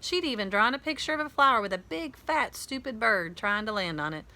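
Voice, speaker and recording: Bright-voiced woman reading a storybook. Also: fairly high pitch, expressive, brisk. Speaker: audiobook reader. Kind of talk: storybook narration in a boy's first person.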